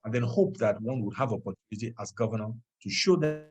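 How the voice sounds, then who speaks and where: Earnest husky Nigerian man on a call. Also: mid-range voice, darkish tone. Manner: earnest, measured, openly moved. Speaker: political candidate. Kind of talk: answering questions on a video call. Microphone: video call.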